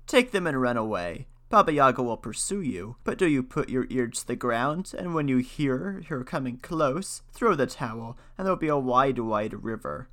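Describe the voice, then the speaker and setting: A man reading a folktale, voicing a gruff, wise house cat who calmly gives instructions. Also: medium pitch, normal speed, hardly any pauses. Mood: advising. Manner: calm, instructive.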